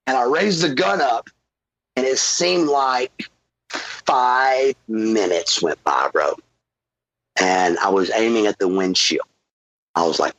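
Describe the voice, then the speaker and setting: A man's voice: medium pitch, measured pace, no echo, low-quality recording. A man from Georgia, a podcast guest telling a profane story and acting out what people said. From Georgia, USA. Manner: animated, swearing, acts out quotes. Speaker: podcast guest, former pro wrestler.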